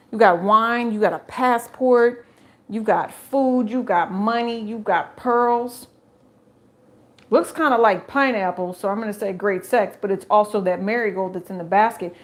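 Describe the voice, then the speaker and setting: A woman reads tarot straight to her viewers in a chatty, emphatic voice. She circles back over her own phrases and drops rhetorical questions as she goes. Her pitch sits in an ordinary middle range. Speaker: tarot reader. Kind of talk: solo tarot reading to camera.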